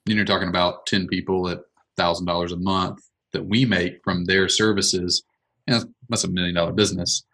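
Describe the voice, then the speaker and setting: Low bright-toned man thinking out loud. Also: level tone, rough recording. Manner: thinking out loud, quick and rambling. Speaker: business owner leading a brainstorm. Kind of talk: casual meeting discussion.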